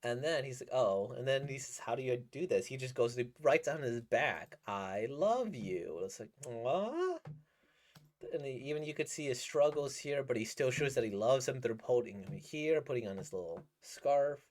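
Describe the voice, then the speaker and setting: A man's voice: mid-range voice, brisk, hardly any pauses. A man giving casual, rambling commentary as he reacts to a manga he is reading, enthusiastic and laughing often.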